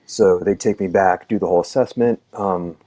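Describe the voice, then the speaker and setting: Deep-voiced man telling a rambling story. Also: moderate pace, dark tone. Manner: rambling, filler-heavy, acts out quoted dialogue. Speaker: EMT telling his story. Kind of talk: casual storytelling on a podcast.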